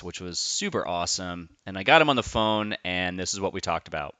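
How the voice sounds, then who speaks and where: A man's voice: low voice, expressive, fairly quick, bright, forceful tone, smooth, dry recording. A man hosting a podcast, talking loosely and enthusiastically, with casual swearing and rambling asides. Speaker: podcast host. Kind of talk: casual podcast intro monologue.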